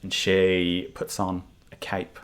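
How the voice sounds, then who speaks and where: Deep-voiced game master narrating hesitantly. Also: male voice, completely flat delivery, slow pace, smooth. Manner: hesitant, filler-heavy descriptive narration.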